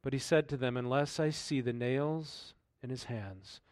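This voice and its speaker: A male pastor giving a sermon, reading scripture aloud and then commenting in a relaxed, conversational way with rhetorical questions. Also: mid-range voice, unhurried, no room sound.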